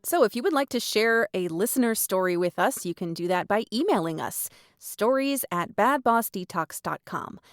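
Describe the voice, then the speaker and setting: A woman's voice: mid-range voice, lively intonation, normal speed, few pauses, dry recording, clean studio sound, faint music behind. Chatty young woman podcast co-host. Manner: chatty, laughs often, frequent "like" and "um". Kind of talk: casual chat.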